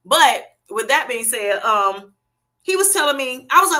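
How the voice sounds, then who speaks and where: Bright, chatty Southern woman host. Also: high-pitched, animated, moderate pace. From Southern United States. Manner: chatty and folksy, laughs often, talks straight to viewers. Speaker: livestream host. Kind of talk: casual livestream chat reading viewer comments.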